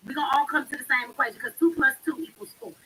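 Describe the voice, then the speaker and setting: A woman livestream host talks fast and hot, swearing freely and firing back at her chat. Her voice sits high and sounds bright and forceful. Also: poor audio. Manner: fiery, profane, addresses the chat directly. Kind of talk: live-stream rant answering chat.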